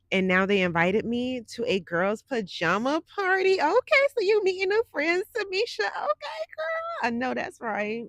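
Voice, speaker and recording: On her psychic livestream, a woman in her forties chats casually and sassily, addressing viewers head-on. Her mid-range voice comes through a desk microphone without any echo.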